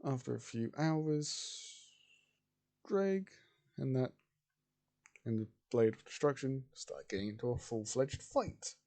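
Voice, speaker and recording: A man narrates an improvised fan story slowly, in a rambling, repetitive way. His voice is dark and gravelly, with steady, even pitch.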